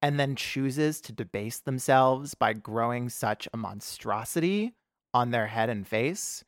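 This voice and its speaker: A man guesting on a podcast, chatting casually, animated and laughing often. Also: mid-range voice, measured pace, dry recording, clean studio sound. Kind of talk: casual comedic chat.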